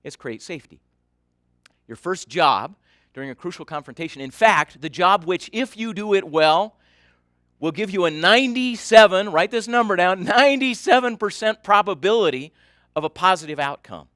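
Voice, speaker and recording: A male keynote speaker with a bright, ringing voice, pitched a little above the usual for a man. He tells his story in an animated way and keeps asking the audience questions. The sound is close and dry, with no room around it. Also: moderate pace, dry recording.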